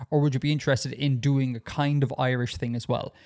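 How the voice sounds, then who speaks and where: A man talking casually on a podcast, chatty and loose. He stumbles and restarts his sentences often and fills the gaps with ums. His pitch is in a middle range. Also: little pitch movement, brisk, darkish tone. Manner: chatty, hesitant with many restarts and fillers. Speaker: podcast co-host.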